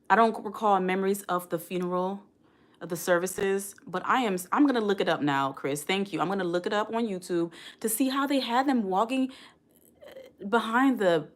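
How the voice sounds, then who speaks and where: A woman's voice: mid-range voice, moderate pace. A woman around forty hosting a casual live stream, chatting and reading viewer comments aloud. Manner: chatty, addresses the chat directly, reads comments aloud.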